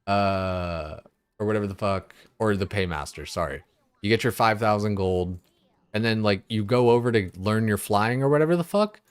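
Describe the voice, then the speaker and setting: A young male streamer vents in a casual, profane rant that keeps circling back on itself. His voice sits a little low, and the sound is close and dry with no room around it. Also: normal speed, clean tone, no echo. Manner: profane, exasperated ranting with filler words. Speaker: gaming streamer.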